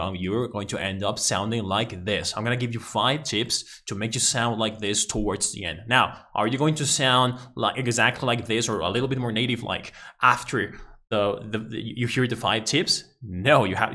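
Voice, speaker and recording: A man's voice: on the low side, fairly quick. A man from Mexico, a native Spanish speaker with a Mexican Spanish accent, explaining things emphatically in a casual video lesson as an English teacher. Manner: emphatic, animated explaining to the camera.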